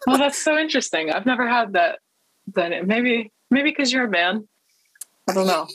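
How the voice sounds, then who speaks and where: Guest, a woman YouTuber: husky voice, lively pitch, quick to react, dry close mic. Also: no room sound, poor audio. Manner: reactive, gasps and laughs along. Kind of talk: casual chat.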